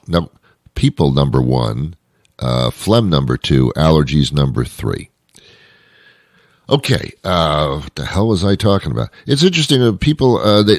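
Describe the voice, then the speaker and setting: A man's voice: rumbling low, no echo, studio quality. A man hosting his own show, delivering a rambling comic monologue full of wry asides and self-interruptions. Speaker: show host. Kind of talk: comedic monologue.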